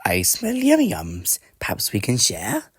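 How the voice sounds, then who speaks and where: An eager, greedy badger wheedles in a breathy, half-whispered voice, as a man puts him on reading a storybook. The sound is dry and close. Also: on the low side, wildly swooping pitch, unhurried, no echo, heavily acted. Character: friendly greedy male badger.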